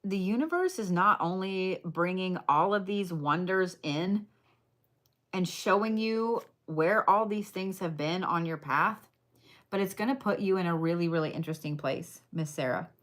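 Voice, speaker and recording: A woman's voice: on the low side, lively intonation, moderate pace, fairly bright tone. A woman doing a casual livestream card reading, blunt, chatty and full of swearing as she talks to viewers.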